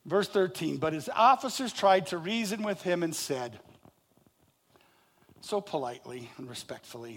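A man preaching a sermon, animated and jokey, acting out people's reactions and asking his congregation questions. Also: on the high side, moderate pace, breathy edge. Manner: animated, acts out reactions with rising and falling loudness. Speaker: pastor.

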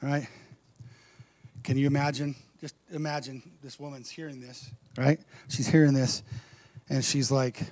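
A man's voice: medium pitch, flat delivery, measured pace, long pauses, darkish tone, dry recording. A man, a pastor, preaching a casual, conversational sermon and throwing rhetorical questions at the congregation.

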